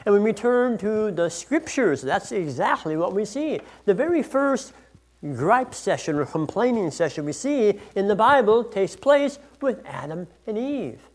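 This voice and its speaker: A man's voice: sits high, big pitch swings, unhurried. A man preaching a sermon in an earnest, explanatory way, restarting phrases now and then. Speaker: pastor.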